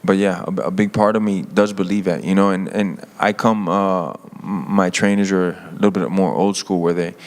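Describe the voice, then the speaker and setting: A man's voice: sits low, steady tone, normal speed, few pauses. A man, a fighter, answering interview questions hesitantly with lots of fillers. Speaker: MMA fighter.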